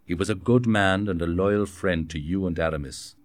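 A man's voice: deep voice, normal speed, dry recording, lightly acted. A man reading the part of a commanding young French king in a formal, authoritative way. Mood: somber. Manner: firm, formal, authoritative delivery.

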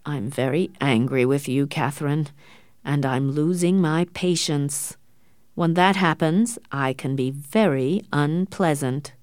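A woman reading an audiobook, voicing a stern, cold older father, a doctor, who speaks in a quiet, controlled, hard way. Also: deep voice, lively intonation, moderate pace, no echo, clean studio sound.

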